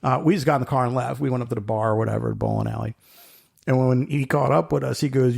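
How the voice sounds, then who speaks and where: Gravelly middle-aged man telling stories. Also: mid-range voice, fast, a little mellow. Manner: rambling storyteller, laughs often, acts out quotes. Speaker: podcast co-host. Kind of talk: casual chat.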